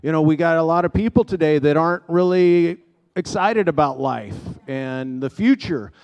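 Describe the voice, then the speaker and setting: Man pastor with a somewhat high voice, upbeat encouraging sermon to the congregation. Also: normal speed, darkish tone, clear, resonant tone, dull audio. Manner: encouraging, preacherly. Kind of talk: church sermon. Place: church sanctuary.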